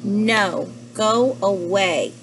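A woman's voice: mid-range voice, very slow, a little hiss or hum, rough recording. A woman reading as a blunt, grumpy panda. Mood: curt. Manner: blunt, refusing. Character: grumpy male panda handing out donuts.

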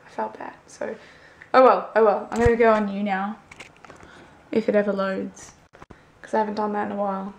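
A young woman chatting casually to camera in a daily vlog, upbeat and talkative, sometimes trailing off softly. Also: medium pitch, little pitch movement, a little fast, long pauses. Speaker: vlogger. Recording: background noise.

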